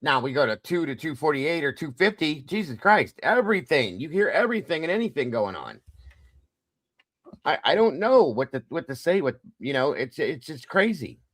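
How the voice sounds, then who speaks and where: This male livestream host's voice sits on the high side, swings widely in pitch, and has a fairly bright tone at a moderate pace. On his casual true-crime stream he's blunt and profane, repeatedly stressing it's merely his opinion, in a dry recording.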